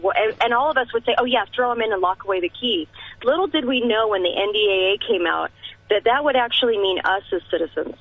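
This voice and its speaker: A woman's voice: medium pitch, no room sound. A woman talking on a radio show, emphatic and impassioned, often restarting her sentences, heard over a phone line. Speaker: radio talk guest. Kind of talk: radio talk discussion. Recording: dry tinny phone line.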